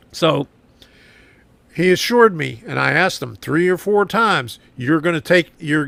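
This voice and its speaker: A man hosting a live stream from his garage, rambling and complaining, repeating himself, slightly hoarse and clearing his throat. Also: a little high, a bit bright, dry recording. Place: home garage workshop.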